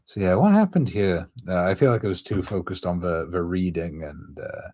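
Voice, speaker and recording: A man's voice: low-pitched, expressive, moderate pace, few pauses, darkish tone. A man streaming a casual manga reaction, thinking aloud as he reads. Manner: thinking aloud, musing with fillers.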